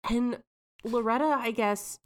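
A woman's voice: a little high, little pitch movement, unhurried. A woman co-hosts a casual podcast and chats about a film's plot. She talks freely and keeps adding joking asides and comparisons. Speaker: podcast co-host. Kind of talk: casual movie recap chat.

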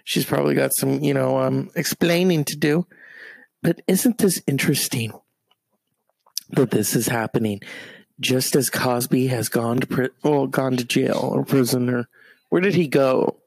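A man's voice: mid-range voice, unhurried, vocal fry, a little mellow, breathy edge, no room sound. A man doing a profane, rambling comedic rant that is full of fillers and restarts. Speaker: comedic commentator.

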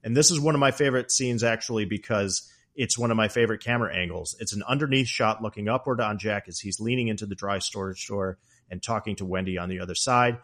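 A man hosting a podcast, casually discussing a film with animated storytelling. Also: on the low side, fast talker, hardly any pauses. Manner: animated storytelling, acts out quotes. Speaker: podcast host.

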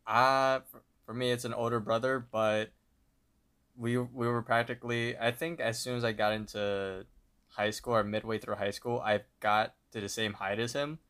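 A young man co-hosting a podcast, casually retelling a cartoon episode and briefly imitating the characters. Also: mid-range voice. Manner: relaxed, retells scenes with quick character voices. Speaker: podcast co-host.

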